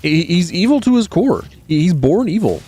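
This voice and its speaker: A man's voice: sits high, sing-song, moderate pace, dark tone, breathy edge. A man streaming a video game, giving rambling, sarcastic commentary with frequent restarts. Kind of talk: casual gameplay commentary.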